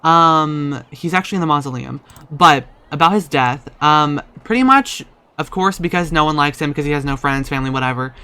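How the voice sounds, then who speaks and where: A young man casually commenting on a life-simulation game, rambling, swearing often and breaking into loud startled outbursts. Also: a little high, expressive, normal speed, hardly any pauses, clean tone. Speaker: gaming YouTuber.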